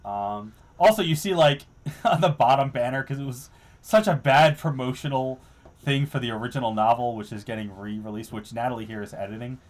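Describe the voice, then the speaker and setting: A man's voice: mid-range voice, fairly quick. A man hosting a casual commentary stream, laughing and swearing as he mocks his own old work. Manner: profane, laughing, self-deprecating. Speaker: stream host.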